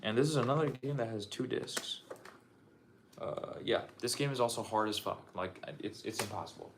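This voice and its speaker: A young man talks in a casual, rambling way, dropping curse words and restarting his sentences. His voice sits on the low side. A faint noise hangs behind him in the room. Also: normal speed, creaky. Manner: loose, profane and repetitive, with frequent restarts. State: out of breath. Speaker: streamer showing his game collection. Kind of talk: casual livestream chat.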